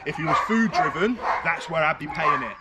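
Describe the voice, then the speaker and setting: A British man working as a dog trainer, explaining his methods while giving firm short commands and high praise to a dog outdoors. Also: lively intonation, brisk. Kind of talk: outdoor training demonstration with commentary. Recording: distant outdoor mic with heavy noise.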